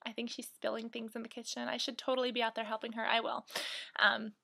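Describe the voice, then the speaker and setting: A woman's voice: fairly high pitch, flat delivery, fast talker, gravelly, pushed and bright. A 19-year-old woman vlogging from home in a rambling, chatty way, full of fillers. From United States. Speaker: beauty vlogger. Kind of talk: casual chat to camera. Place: at home, near the kitchen.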